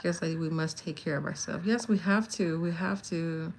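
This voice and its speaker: Chatty lower-voiced woman hosting a livestream. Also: normal speed, very noisy. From California. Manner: chatty and animated, laughs often, addresses the chat directly. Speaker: livestream host. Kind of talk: casual live chat with viewers.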